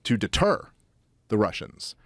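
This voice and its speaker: A man talking as a podcast guest in casual political chat, animated and full of fillers and restarts. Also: on the low side, unhurried, no room sound, clean studio sound.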